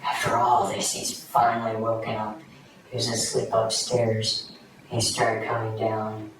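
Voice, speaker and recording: A man speaks in a low, halting way, stumbling over fillers as he recounts events during a recorded police interview. He sits well away from the microphone in a bare room that rings with echo. A steady hiss of background noise runs under his voice. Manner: quiet, hesitant, halting with many fillers. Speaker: suspect recounting a crime. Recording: echoey distant room mic with noise.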